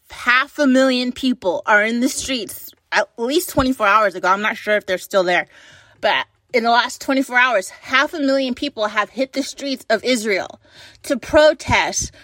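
Furious high-voiced woman ranting. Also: fairly bright tone, no room sound. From United States. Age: late 20s. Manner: furious, profane, rapid-fire rhetorical questions. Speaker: vlogger. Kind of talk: angry political rant to camera.

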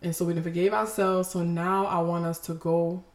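Woman podcast host, lower voice, heartfelt and expressive, roomy echo. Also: moderate pace. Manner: emotional, expressive, teary laughter. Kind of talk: faith podcast talk.

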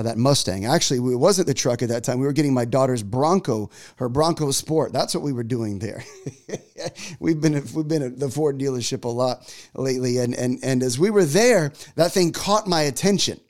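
A man's voice: medium pitch, normal speed, darkish tone. A man in his forties, a pastor telling a story in a sermon, chatty and full of restarts. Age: 40s.

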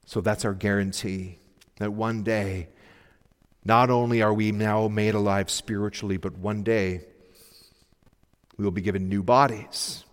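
A male pastor preaching a sermon, earnestly urging his listeners and dropping to soft pleas. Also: lowish voice. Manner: earnest, pleading exhortation with sudden soft drops. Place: church sanctuary. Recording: long reverb of a church hall.

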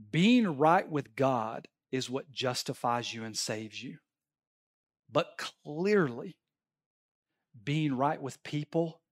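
A male pastor preaching a sermon at a church service, telling stories and pressing his points emphatically. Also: medium pitch. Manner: animated, emphatic storytelling preacher.

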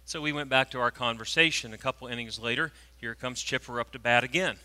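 A preacher, telling a story in a sermon and swinging from hushed tones to loud, animated moments. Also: male voice, mid-range voice, fast talker. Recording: long reverb of a large hall.

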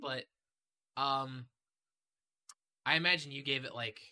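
A man hosting a casual podcast chat about a film, talking in an animated, rambling way. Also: mid-range voice, a little slow. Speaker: podcast host.

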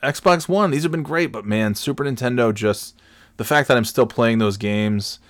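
A man casually telling a funny personal story, animated and swearing freely, acting out what people said. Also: medium pitch, normal speed, no room sound, clean studio sound. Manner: animated, swears freely, acts out quotes with big shouts.

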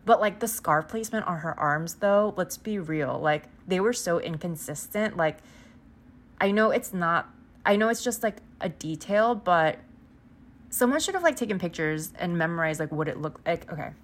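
A woman's voice: fairly low pitch, lively intonation, moderate pace. A woman hosting a podcast, casually recapping a book as she keeps rambling off topic, full of "like" and casual swearing. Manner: rambling, sidetracked, heavy "like" filler. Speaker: podcast host.

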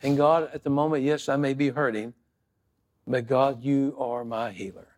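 A male pastor preaching a sermon, moving from quiet, prayerful talk to loud, fervent passages and acting out stories in character voices. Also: mid-range voice, steady tone, normal speed.

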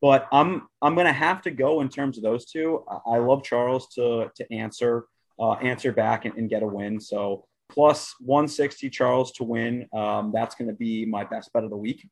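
A man co-hosting a casual sports podcast, relaxed as he gives betting tips. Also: medium pitch, normal speed. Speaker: podcast co-host.

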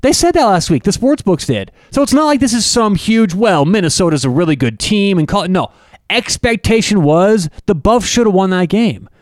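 Guy on a sports podcast, kinda high voice, dry close sound, tells stories doing fan voices. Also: moderate pace, dry recording. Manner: animated storyteller, mimics fans. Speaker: podcast co-host. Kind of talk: casual sports chat.

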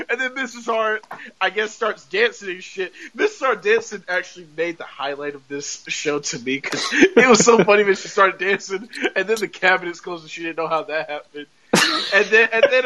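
A high-pitched man with a bright, forceful voice hosts a podcast and recaps a show in a loose, rambling way, laughing as he goes. The recording sounds dull and lo-fi. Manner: laughs often while retelling, rambling with repeated "and then". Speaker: podcast host. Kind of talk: casual recap of a TV episode.

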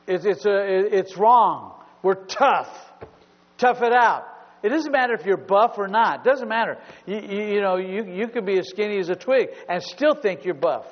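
Man, middle-aged, pastor, humorous sermon, high voice, long church reverb. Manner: humorous, acts out little scenes in asides. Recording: dull sound with long hall reverb.

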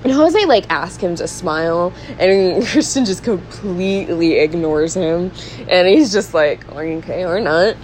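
Animated young woman, podcast host. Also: lowish voice, unhurried, a little hiss or hum, rough recording. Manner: animated, acts out characters' lines in voices, laughs often. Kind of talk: casual chat recapping a film.

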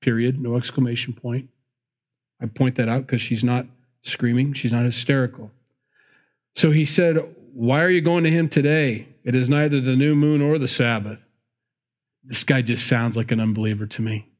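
A man with a medium-pitched, slightly mellow voice speaks at normal speed in a steady tone. During his sermon he reads scripture aloud, slipping into casual asides between verses and correcting himself.

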